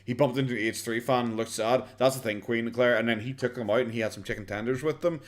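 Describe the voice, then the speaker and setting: A man's voice: medium pitch, fairly even intonation, fast. Sweary, rambling Irish man streaming. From Ireland. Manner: sarcastic, swears freely, rambling with many fillers. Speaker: streamer reacting to videos. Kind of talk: casual live-stream commentary.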